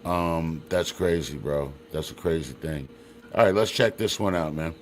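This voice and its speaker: A man's voice: extremely low pitch, normal speed, slight background noise. A man hosting a casual interview, asking blunt questions and reacting with casual swearing. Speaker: host.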